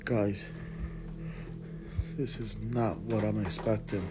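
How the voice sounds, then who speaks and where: A frightened man filming himself in his bedroom at night, talking to viewers in a hushed, halting voice and swearing under his breath. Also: lowish voice, steady tone, very noisy. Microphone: handheld phone camera.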